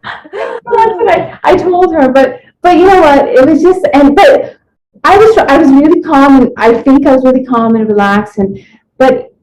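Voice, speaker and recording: A woman being interviewed, telling a personal story in a rambling, animated way and acting out what people said to her. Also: sits high, moderate pace. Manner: rambling, animated retelling with acted-out quotes. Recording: echoey room, dull lo-fi sound.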